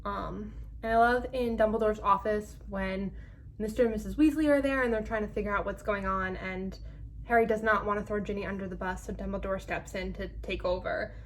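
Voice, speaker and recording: A woman's voice: medium pitch, steady tone, brisk, a little hiss or hum, rough recording. A young woman giving a casual book review in a chatty way, full of 'um' and 'like'. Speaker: book club vlogger.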